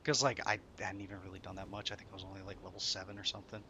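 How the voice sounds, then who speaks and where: Young male streamer, bright voice, swears a lot while ranting to chat. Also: low voice, little pitch movement, rapid-fire, slight background noise. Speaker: game streamer. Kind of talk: frustrated live-stream commentary. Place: home room while streaming.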